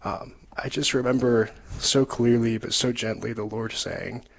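A young man, a seminarian guest on a radio talk show, telling his story in an earnest, reflective way with soft laughs. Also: mid-range voice, steady tone, a little slow, vocal fry, low-quality recording. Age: young adult. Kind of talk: radio interview testimony.

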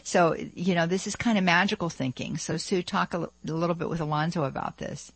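A man co-hosting a Catholic call-in radio show, speaking in a gentle, pastoral way and laughing easily. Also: on the high side, brisk, husky, dry recording, poor audio.

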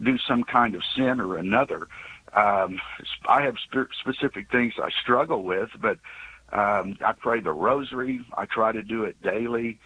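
A man's voice: lowish voice, pushed and bright, breathy edge, poor audio. A man in his sixties calling in to tell an earnest, rambling personal story, often stopping and restarting his sentences. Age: 60s. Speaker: caller.

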